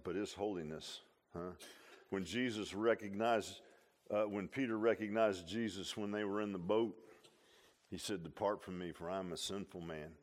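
A man preaching a sermon. He swings between loud, emphatic lines and low, quiet asides, often repeating and restarting phrases.

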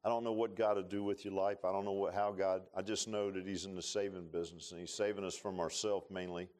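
A man's voice: low-pitched, level tone, quick pace. Earnest preacher man. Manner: earnest, emotional preaching with rising bursts and soft confessional drops. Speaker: pastor. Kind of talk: sermon. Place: church sanctuary.

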